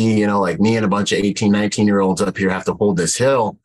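A man's voice: lowish voice, fairly even intonation, a little fast, low-quality recording. A man, a podcast guest from the United States, telling a rambling war story in casual talk, full of fillers and quoted lines.

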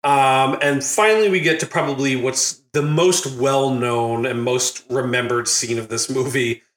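A man hosting a casual movie recap podcast, laughing often and acting out quotes in a loud, high voice. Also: measured pace, roomy sound. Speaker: podcast host.

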